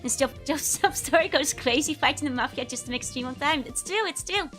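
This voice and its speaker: On her live stream, this Dutch VTuber talks casually with viewers and giggles a lot, her voice still on the mend from being sick. She speaks a little fast in a high, somewhat bright voice, with soft background music.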